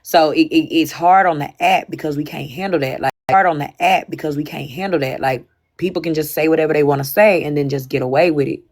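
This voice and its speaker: Low-voiced candid woman livestreaming. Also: a little fast. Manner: candid, repetitive, emphatic with frequent restarts. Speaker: livestream host. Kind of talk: casual livestream chat.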